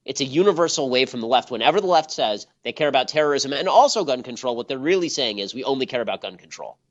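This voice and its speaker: A man's voice: mid-range voice, lively intonation, dull audio. A man hosting a political commentary show, ranting scornfully at the clips he plays. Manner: scornful, rapid-fire ranting. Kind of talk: combative commentary monologue.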